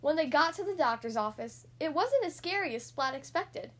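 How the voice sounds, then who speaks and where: A woman's voice: high-pitched, lively intonation, normal speed, a bit bright. A woman hosting a podcast where she reads storybooks aloud to young children, friendly and talking straight to her listeners. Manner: friendly, addresses listeners as guys. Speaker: podcast host reading to kids.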